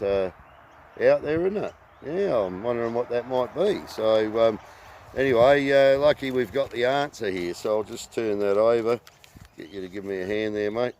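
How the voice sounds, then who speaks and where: A man hosting a rambling casual talk, halting and full of ums and uhs. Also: mid-range voice, darkish tone. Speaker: host.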